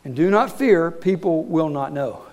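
A pastor preaching a sermon, earnest and emphatic, asking his congregation rhetorical questions and pausing for weight. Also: fairly high pitch, expressive, darkish tone, highs cut off. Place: church sanctuary.

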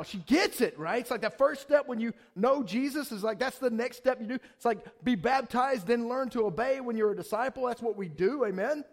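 A pastor giving a conversational sermon, eager and excited, often restarting his sentences and asking the room rhetorical questions. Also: very high voice, a little fast, hardly any pauses.

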